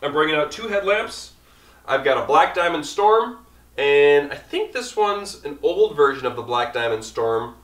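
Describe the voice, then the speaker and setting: A man's voice: fairly high pitch, expressive, a little slow, a bit bright, reverberant, recorded from a distance. A man casually rambling through his camping gear in an easygoing, chatty way as an outdoor vlogger.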